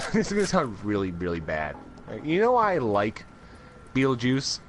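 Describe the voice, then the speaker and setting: A man co-hosting a casual pop-culture podcast, joking around and quick to laugh. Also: mid-range voice, wildly swooping pitch, slight background noise. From North America. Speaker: podcast co-host.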